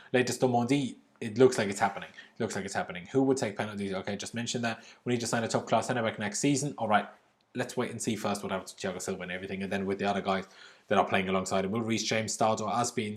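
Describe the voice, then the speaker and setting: A young man hosts a casual livestream, reading viewer comments out loud and answering them in a chatty, informal way, swearing now and then. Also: on the low side. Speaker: livestream host.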